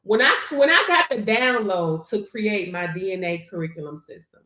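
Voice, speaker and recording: A woman hosting a live stream, giving a motivational faith talk from home, animated and preachy, laughing often and calling listeners baby. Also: mid-range voice, normal speed, echoey room. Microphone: device camera.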